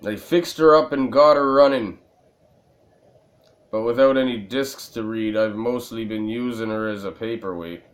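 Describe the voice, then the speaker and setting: A man voicing a stout, gruff old male junk dealer who is meant to sound German, reading the lines slowly in a lowered voice. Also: natural voice. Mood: folksy.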